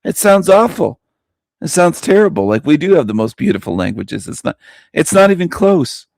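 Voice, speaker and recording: A man's voice: a little high, sing-song, normal speed, gravelly, a little mellow. A man hosting a radio show, delivering an opinionated monologue with emphatic repetition and frequent chuckles. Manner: emphatic, repeats himself, chuckles between lines.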